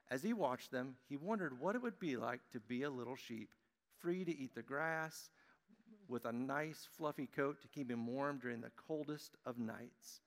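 A man giving a children's message in church, reading a storybook aloud to children in a friendly, animated way. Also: medium pitch. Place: church sanctuary. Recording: long church-hall reverb.

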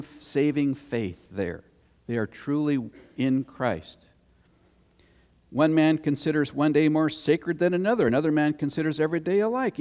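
A man's voice: on the high side, a little mellow. A man, the pastor, preaching a conversational sermon that tells stories and rises into emphatic scripture reading. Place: church sanctuary. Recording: long reverb of a church hall.

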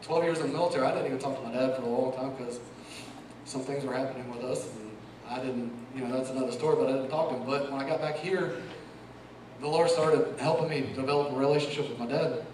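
A lay preacher in middle age testifies earnestly and emotionally in a church sanctuary, quoting scripture and laughing between lines. He speaks quickly and steadily in a mid-range, darkish voice. The recording is from a far-off mic in an echoey hall, with slight hiss or hum.

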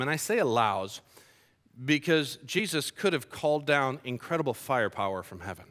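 A male pastor delivers his sermon with a bright, forceful tone. He slips into playful stories and humorous asides. His voice rings out with a long hall reverb. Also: mid-range voice, normal speed. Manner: lively storytelling with humorous asides.

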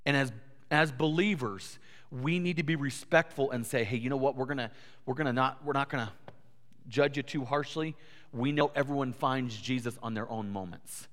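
Preaching as pastor, this man speaks earnestly at normal speed, repeating words often as he climbs toward emphatic high points. His medium-pitched voice has a slightly bright edge, echoing with long reverb through the church sanctuary.

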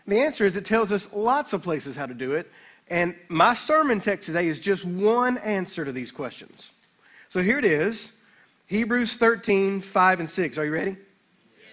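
A man pastor preaching a sermon in a church, emphatic and slowing right down when he reads scripture aloud. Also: high voice, fairly bright tone. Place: church sanctuary.

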